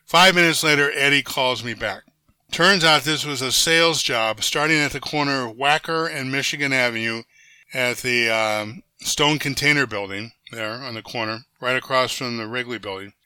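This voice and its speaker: An older man with an extremely bright, sharp-edged voice tells a long personal story to an interviewer. The sound is dry and close, with no room around it. He speaks in a lively, animated way, restarts his sentences often, and jumps into the voices of people he quotes. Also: medium pitch, moderate pace, clear, resonant tone, no echo. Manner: animated anecdote-teller who acts out quoted voices; frequent restarts and self-corrections. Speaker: interview guest. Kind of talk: conversational storytelling.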